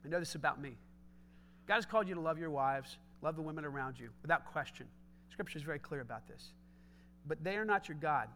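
Male pastor, middle-aged, high bright voice, emphatic casual preaching. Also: expressive, quick pace, a little hiss or hum. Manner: emphatic, conversational preaching with rising shouts. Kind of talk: sermon.

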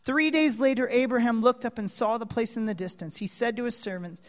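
Brisk and hardly pausing, a very high-pitched man preaches a dramatic sermon built on a story. His delivery swings from hushed asides to loud exclamations, with questions for the listeners, in a hall with long reverb.

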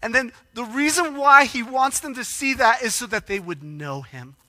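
A man preaching a sermon, emotional and animated, acting out quoted lines with rising intensity. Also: very high-pitched, normal speed, dry recording. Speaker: pastor.

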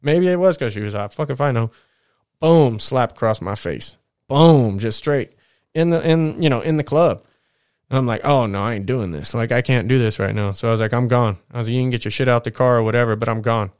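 A man tells a rambling, profane story in a loose, laid-back way. His voice is smooth and resonant, close and dry with no room sound. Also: mid-range voice, fairly quick, a little mellow, no room sound. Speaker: podcast storyteller. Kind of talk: casual storytelling.

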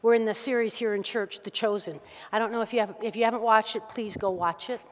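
A woman preaching a sermon to a church gathering, moving between soft, slow passages and loud, quick bursts. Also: fairly high pitch. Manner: animated, swings from soft and slow to loud and fast. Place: church hall. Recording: long hall reverb.

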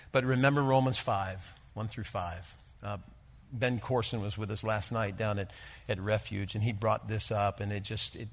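A man preaching a sermon and telling personal stories, swinging from hushed, intimate lines to rising, emphatic ones. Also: mid-range voice. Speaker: pastor.

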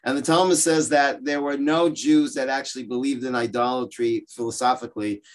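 Storytelling rabbi teaching over video call. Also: male voice, medium pitch, brisk. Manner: lively storytelling, explaining with asides and quoted voices. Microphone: video call microphone.

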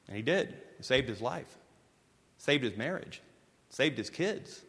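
A man preaching a sermon as pastor, telling stories emphatically and moving between forceful lines and hushed ones. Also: mid-range voice, sing-song, measured pace, long pauses, slightly rough. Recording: long hall reverb.

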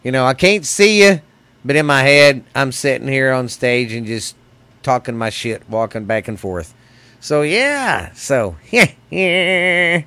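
A man's voice: medium pitch, animated, slow pace, bright, forceful tone, clear, resonant tone, no echo. Rowdy man hosting a podcast. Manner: rowdy, profane, rambling, calls listeners baby. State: stuffy from sinus trouble. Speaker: podcast host. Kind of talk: casual rambling podcast monologue. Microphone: close studio mic.

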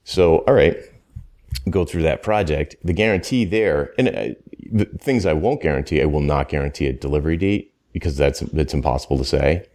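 Deep deep voiced guy, casual podcast chat, emphatic, rambles and restarts a lot. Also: a little fast, darkish tone. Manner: rambling, self-correcting, emphatic. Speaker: consultant guest.

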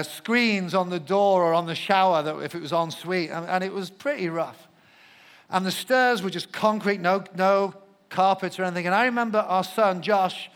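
High-voiced pastor telling a story. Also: male voice, smooth. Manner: animated storyteller, shouts when acting out quotes, drops to soft asides. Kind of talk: sermon with personal story.

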